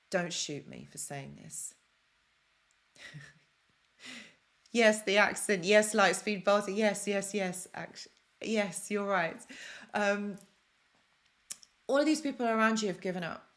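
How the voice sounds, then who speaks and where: A woman's voice: medium pitch, expressive, takes it slowly, long pauses. Earnest woman giving a motivational live-stream talk. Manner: earnest, emotional, repeats phrases for emphasis. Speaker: self-help host.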